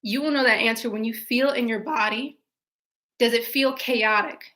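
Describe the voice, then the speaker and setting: A young woman hosting a casual live stream from home, chatting with viewers and telling a dating story in an animated way. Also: a little high, moderate pace.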